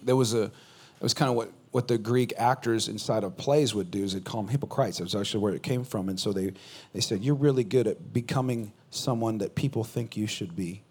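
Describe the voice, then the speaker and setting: A man's voice: medium pitch, slightly rough. A man from California preaching as pastor, joking in a loose conversational way and drawing answers from the congregation in church. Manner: joking, talks back and forth with the congregation. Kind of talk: casual conversational sermon.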